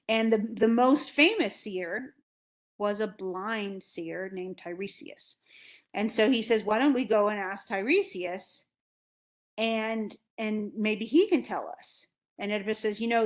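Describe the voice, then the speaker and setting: A woman teaching literature in a loose, conversational lecture. She slips in and out of the characters' voices as she retells the story. Her pitch sits at an ordinary middle level for a woman. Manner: casual, acts out characters' lines in paraphrase. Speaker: literature instructor. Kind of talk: recorded lecture retelling a play.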